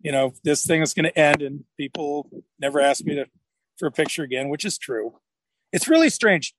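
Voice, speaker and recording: Speaking at a normal pace over a noisy background, a middle-aged man with an expressive, somewhat high voice appears as a podcast guest. His casual interview stories wander, and he often stops to restart or correct what he's saying.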